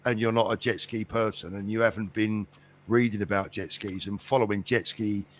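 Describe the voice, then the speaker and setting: A man's voice: lowish voice, steady tone, normal speed. A man co-hosting a casual livestream chat, reasoning earnestly and repeating phrases to press his point. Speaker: livestream co-host.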